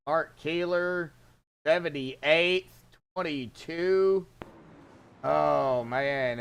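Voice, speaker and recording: A man calling sim race action as commentator, in a slow, drawn-out way with sudden excited outbursts. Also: on the high side, clear, resonant tone.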